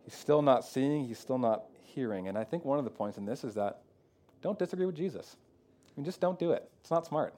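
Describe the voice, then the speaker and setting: Guy preaching a sermon, chatty w lots of "like," mid pitch, gets loud then drops real quiet. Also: animated, a little fast. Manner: conversational preaching with fillers like "kinda" and "like"; swings from loud emphatic peaks to quiet low stretches. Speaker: pastor.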